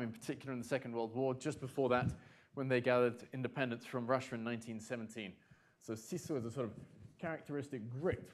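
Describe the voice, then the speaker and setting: Chatty male conference speaker, middle-aged. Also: medium pitch. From Britain and France. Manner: chatty, asks the audience questions, dry humor. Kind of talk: conference talk to a live audience. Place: conference hall.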